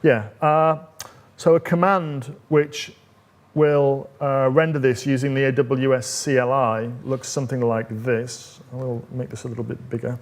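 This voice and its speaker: A man's voice: medium pitch, flat delivery, unhurried. Man walking through a live tech demo. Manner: conversational, explaining step by step with frequent fillers. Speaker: technical evangelist presenting a demo. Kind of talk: live coding demo presentation.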